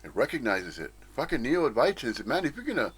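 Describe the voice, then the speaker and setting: A man's voice: medium pitch, big pitch swings, fairly quick, a bit bright, breathy edge. A man giving a blunt, profane, emphatic monologue on spiritual teachings. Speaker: spiritual commentator. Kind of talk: ranting monologue.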